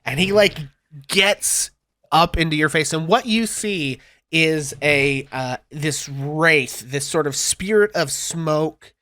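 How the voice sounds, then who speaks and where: A man running a tabletop game as game master, narrating in a loose, halting way with fillers. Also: on the high side, pushed and bright, no room sound, clean studio sound.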